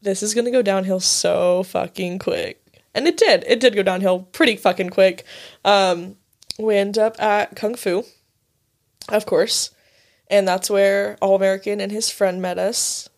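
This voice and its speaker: A young woman in her twenties rambles through a story on a podcast, full of "like" and swearing. She laughs as she goes, her voice sitting at an ordinary middle pitch. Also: fairly even intonation. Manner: fast, profane, laughing, filler-heavy "like". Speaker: podcast co-host. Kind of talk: casual storytelling chat.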